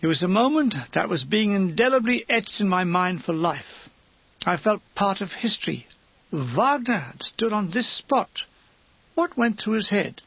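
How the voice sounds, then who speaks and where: A male audiobook reader with a high, gravelly voice tells a comic war memoir with wry description. His tone is husky, and the recording is dry and dull. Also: sing-song, unhurried, dry recording.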